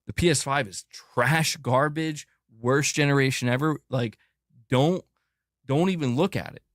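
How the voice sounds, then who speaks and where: A man's voice: mid-range voice, unhurried, no echo, studio quality. A man ranting emphatically in video commentary, repeating himself in exasperation. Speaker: commentator in a played clip.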